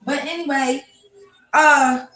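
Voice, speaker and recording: Talking slowly in a high, sharp voice with a steady tone, a woman hosts a casual morning livestream from her home kitchen. She rants bluntly and profanely at her chat, and the room echoes, with faint noise.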